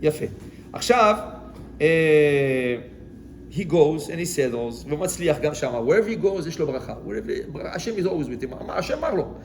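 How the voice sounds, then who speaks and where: A man, a rabbi teaching a Torah lesson in mixed Hebrew and English, animated and acting out the quotes. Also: a little high, fast, slight background noise.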